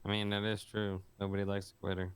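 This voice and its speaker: A man's voice: lowish voice, monotone, quick pace, clear, resonant tone, no room sound. A man co-hosting a podcast, dropping short, dry joking remarks in casual chat. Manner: dry, joking, brief interjections. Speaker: podcast co-host.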